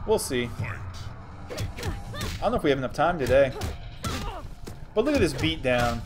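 Upbeat young Texan streamer, lively voice. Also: male voice, fairly high pitch, measured pace, over music. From Texas. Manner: upbeat, joking, reads chat messages aloud. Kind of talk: casual gaming stream commentary.

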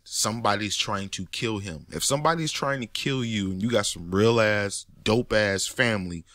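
A man talking in a casual monologue, animated and profane, often rising to near-shouts. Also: fairly low pitch, normal speed, dry recording, studio quality. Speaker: commentator.

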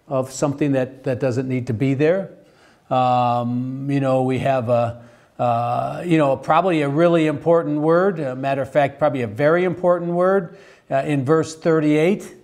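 A man teaching a Bible study class, talking in halting bursts with frequent restarts and quizzing his students. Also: medium pitch, steady tone, a little mellow. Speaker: theology teacher. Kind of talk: interactive Bible study lecture.

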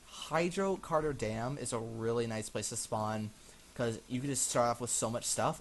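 A man's voice: medium pitch, slight background noise. A man narrating a survival game as he plays, easily frightened, gasping and exclaiming while he chats to his viewers. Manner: chatty, talking to viewers as he plays. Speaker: gaming channel host. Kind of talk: let's-play commentary.

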